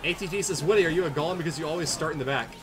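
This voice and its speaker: A Canadian man with a slightly high voice talks very fast over background music while livestreaming a tournament. He reads viewer jokes aloud and casts the matches in a playful, self-mocking style, mixing casual stream chat with game commentary.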